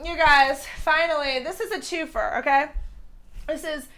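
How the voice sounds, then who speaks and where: Host, woman, high bright voice, bubbly and self-mocking, live show in a noisy living room. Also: measured pace. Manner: bubbly, loud, self-mocking, often shouting and laughing. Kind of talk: live comedy talk show.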